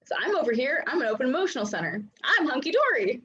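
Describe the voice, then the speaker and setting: A woman's voice: high-pitched, expressive, fast talker, fairly bright tone. A woman coaching in a casual, chatty teaching talk, full of filler likes and little acted-out voices. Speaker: human design coach. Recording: dull lo-fi recording.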